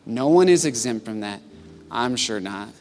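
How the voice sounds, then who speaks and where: A man preaching a sermon as pastor, earnest, climbing from quiet reflection to loud pleading peaks. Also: mid-range voice, lively intonation, normal speed, a little hiss or hum. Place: church sanctuary.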